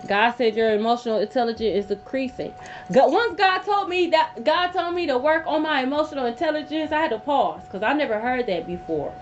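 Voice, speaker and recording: Brief: woman, tarot reader, high voice, blunt and profane, dull lo-fi audio with hum. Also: animated, a little fast. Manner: emphatic, blunt and profane, repeating lines for effect. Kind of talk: casual tarot reading to camera.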